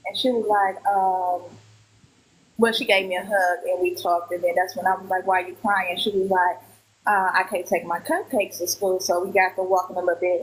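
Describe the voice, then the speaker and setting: A woman's voice: fairly low pitch, poor audio. A woman in her thirties from Milwaukee, a witness telling her account in a casual live stream and acting out what people said. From Milwaukee, Wisconsin. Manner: recounts events with acted-out quoted dialogue. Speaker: witness guest.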